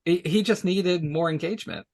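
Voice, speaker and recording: Against crowd noise, a high-pitched man talks at normal speed as a special education technology guest. His casual interview is full of work anecdotes, and he chats and laughs often.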